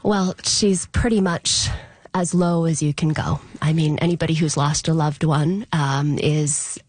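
A woman, a stage actress, talking as a guest in a radio studio interview, wry and relaxed. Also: deep voice, measured pace, breathy edge, dry recording.

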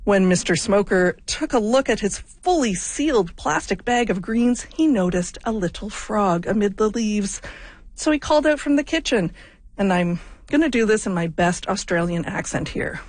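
A woman's voice: medium pitch, expressive, normal speed, a little mellow, no room sound. A woman hosting a radio news show, telling a light story in a wry, playful way. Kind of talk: scripted radio news feature.

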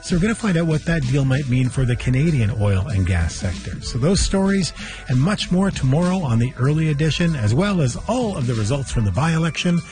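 A man, a radio program host, reading a brisk scripted promo for the next day's show. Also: a little high, big pitch swings, a little mellow, soft background music.

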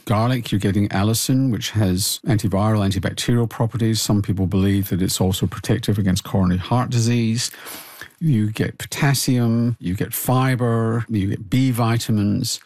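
A man, co-hosting and explaining food science in a measured way, listing points with small restarts. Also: lowish voice, steady tone, a little mellow, no room sound, studio quality. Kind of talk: explanatory chat about nutrition.

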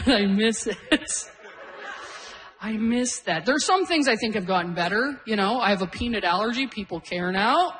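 On stage before a live audience, a middle-aged woman does stand-up, telling self-deprecating stories and laughing through her lines. Her medium-pitched voice is expressive and fairly bright, a little slow, with frequent pauses.

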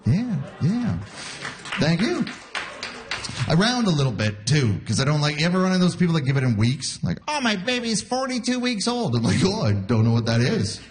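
A man's voice: a little high, sing-song, brisk, noisy background. A man in his forties doing a stand-up comedy set, acting out quoted voices and laughing at his own jokes. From Canada. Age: 40s. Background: audience laughter.

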